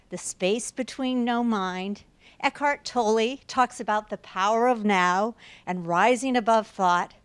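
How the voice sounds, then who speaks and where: Female university host, prepared intro, slightly high voice, dry close sound. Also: fairly bright tone, smooth, dry recording. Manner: reads aloud, with occasional restarts. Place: university lecture room.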